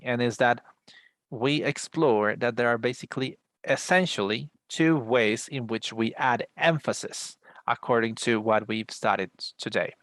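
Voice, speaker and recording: Gravelly man teaching an online class. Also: medium pitch, fairly bright tone, no room sound. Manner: patient, explanatory, many fillers and restarts. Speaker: English teacher. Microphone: video call.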